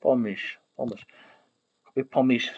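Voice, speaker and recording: A streamer at his desk mutters and thinks aloud while crafting an invented language, trailing off and correcting himself to the sound of keyboard typing. He talks at a moderate pace in a steady, medium-pitched voice with vocal fry. The audio has a phone-quality sound.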